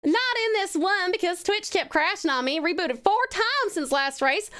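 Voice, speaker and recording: Brief: a woman doing a very high, bouncy, folksy Southern drawl on a live game stream. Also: animated, moderate pace, fairly bright tone. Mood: playful. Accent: US Southern, put on. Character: cheery Southern-accented woman, the streamer's own persona.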